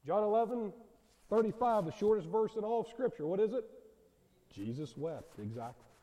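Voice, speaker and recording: A man's voice: sits high, lively intonation, normal speed, mellow, lo-fi sound. A man preaching a sermon to a congregation, earnest and asking them direct questions. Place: church sanctuary. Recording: long hall reverb.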